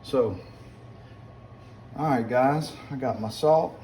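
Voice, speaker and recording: Cooking at home, a middle-aged South Louisiana man gives a casual demonstration, chatting folksily with his viewers and calling them guys over and over. He speaks at a normal speed in a voice on the low side. The background is noisy, with pots and utensils clinking.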